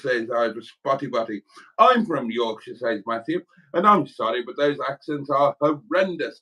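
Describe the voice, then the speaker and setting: A man's voice: medium pitch, moderate pace, fairly bright tone, rough recording. A man co-hosting a home livestream, jovially reading out viewer comments and adding wry asides. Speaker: livestream co-host. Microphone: home livestream setup.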